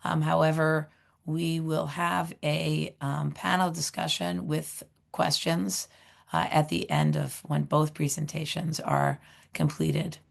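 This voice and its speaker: A middle-aged woman with a hoarse voice, hosting a webinar and introducing speakers, halting with many fillers. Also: sits low, little pitch movement. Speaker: seminar host, director of education.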